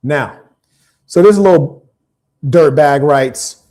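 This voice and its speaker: A man's voice: on the high side, takes it slowly, warm tone. Combative man preaching on a livestream. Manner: preachy, combative, emphatic repetition. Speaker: live stream host. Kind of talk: livestream monologue reading viewer comments.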